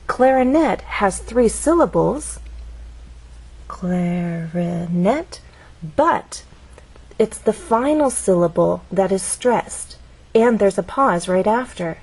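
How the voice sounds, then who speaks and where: Woman, pronunciation teacher, unhurried, slightly husky, deliberate demonstrations. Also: on the high side, a little mellow, low-quality recording. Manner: deliberate, demonstrating intonation patterns. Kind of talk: slow, careful instructional explanation.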